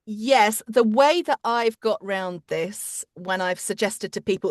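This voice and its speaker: A woman's voice: mid-range voice, no echo. Chatty woman, dry close mic. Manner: chatty, quick asides and restarts. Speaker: audiobook narrator and coach. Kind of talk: casual interview chat.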